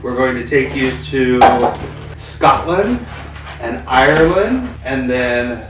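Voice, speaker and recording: A man's voice: medium pitch, very animated, slow pace. A man hosting a home project video, chatting casually and joking while he assembles something. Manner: joking, offhand commentary. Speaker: channel host. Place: garage or home room. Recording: echoey room, mic at a distance, noisy.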